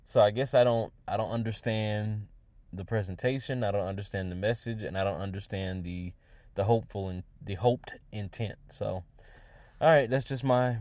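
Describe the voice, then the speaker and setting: A male host chats alone on a podcast, giving his opinions while thinking aloud. His voice is lowish and a bit mellow, captured dry. He speaks haltingly and often restarts his phrases.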